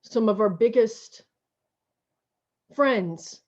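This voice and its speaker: A woman pastor preaching a slow, emotional, repetitive sermon over a video call. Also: a little high, darkish tone, dull audio. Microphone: video call mic.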